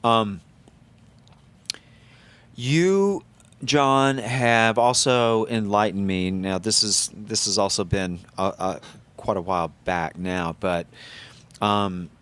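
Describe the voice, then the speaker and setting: Podcast host guy, low voice, kinda halting, hunting for words. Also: fairly bright tone, clear, resonant tone. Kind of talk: casual interview chat.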